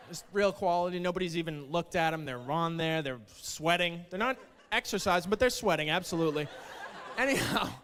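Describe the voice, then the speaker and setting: A man's voice: high voice, fairly bright tone, slight background noise. A male stand-up comedian telling wry, self-mocking stories about old jobs, with stammered starts. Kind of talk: stand-up routine.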